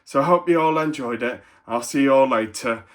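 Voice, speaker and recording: A man's voice: medium pitch, a little fast. An English man with a cold giving a casual toy review, rambling with many fillers and frequent laughs. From England. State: has a cold.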